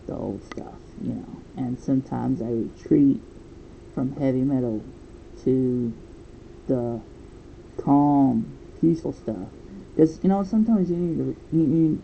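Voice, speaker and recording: A man in his twenties draws a comic while chatting casually, rambling and thinking aloud in a creaky, mid-range voice. The recording is muffled with slight background noise.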